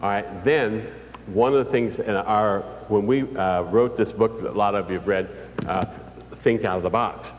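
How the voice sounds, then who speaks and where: Older guy, lowish voice, chatty stories to a crowd, big echoey hall. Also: normal speed, a little hiss or hum. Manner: folksy storytelling with audience questions. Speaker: motivational speaker. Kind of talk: live motivational speech. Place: large hall before an audience. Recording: distant reverberant hall recording.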